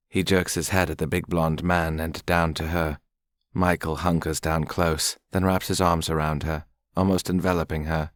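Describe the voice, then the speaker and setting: In clean studio sound without echo, a low-voiced man narrates a romance audiobook from a script. His storytelling manner stays measured and even.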